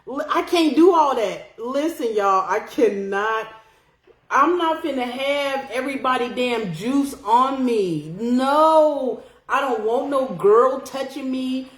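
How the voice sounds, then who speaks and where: A young adult woman hosting a podcast, chatting casually and reading comments from a live chat in a blunt, profane, animated way. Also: medium pitch, echoey room.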